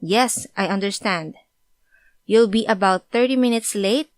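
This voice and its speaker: A woman teacher explaining grammar clearly and patiently, working through example sentences. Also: medium pitch, a little slow, dry recording. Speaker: language teacher.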